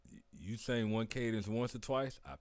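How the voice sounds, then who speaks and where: A man's voice: fairly low pitch, normal speed, a little mellow, no room sound. A man casually swapping profane army stories and laughing at old memories. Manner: laid-back, profane, laughing storyteller. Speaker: army veteran in conversation. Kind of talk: casual chat.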